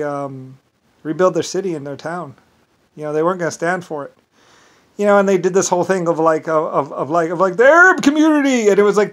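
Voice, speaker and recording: Rambling man with a higher voice. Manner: meandering, halting, full of fillers and restarts. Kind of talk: rambling casual monologue.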